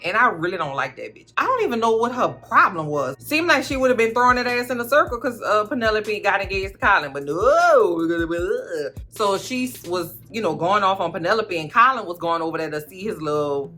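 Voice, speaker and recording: A woman chatting through a TV recap in a slangy, rambling, animated way. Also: medium pitch, a little fast, faint music behind. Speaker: recap vlogger. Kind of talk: casual TV recap chat.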